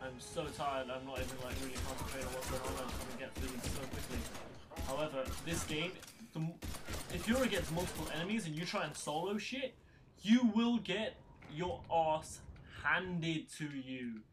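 Talking quickly in a steady, mid-pitched voice, this young man rambles casually through his gameplay commentary as a gaming YouTuber. He seems tired and swears when something goes wrong, while the game's music and effects sit loudly in the background.

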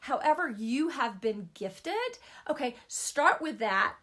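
A woman's voice: high-pitched, sing-song, slow, fairly bright tone. A middle-aged woman giving an informal Christian teaching talk, chatty and emphatic, repeating words for stress.

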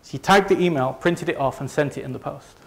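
A man's voice: fairly high pitch, a little fast, gravelly. A man from Leeds with a Northern English accent, giving a conversational, self-deprecating presentation to a live audience. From north of England. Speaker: company presenter.

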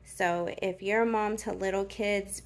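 Woman, forties, slow heartfelt vlog talk, gravelly. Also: medium pitch, steady tone, slight background noise. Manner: emotional, heartfelt, grateful. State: tired. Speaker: vlogger.

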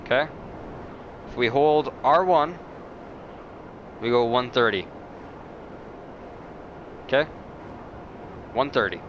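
A young man chatting excitedly and teasing his friends while playing a game over a headset, swearing often. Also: mid-range voice, slow pace, long pauses, highs cut off, a little hiss or hum. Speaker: gamer. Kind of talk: casual gameplay chat with friends.

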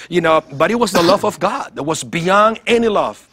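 Male guest for a TV interview, husky and animated, tells an emotional testimony. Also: a little high, brisk. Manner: animated storytelling, acts out voices, repeats words. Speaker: guest evangelist.

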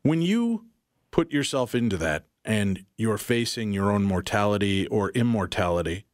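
A male radio host asking a guest a long, searching question in a measured way. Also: fairly low pitch, sing-song, no room sound, clean studio sound.

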